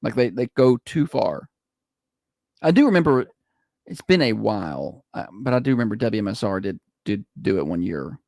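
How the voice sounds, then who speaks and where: Animated Southern man hosting morning radio. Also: on the low side, normal speed, dry recording, clean studio sound. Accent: Southern American. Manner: chatty, opinionated, rambling with restarts. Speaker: radio morning show host. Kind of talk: casual radio banter and live reads. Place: radio studio. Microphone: studio microphone.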